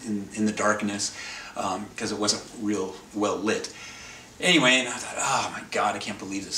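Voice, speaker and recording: A man's voice: lowish voice, sharp tone. A man telling a rambling, wry anecdote in a casual way, often correcting himself as he goes. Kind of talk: casual anecdote told to camera. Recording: roomy, distant, faint background noise.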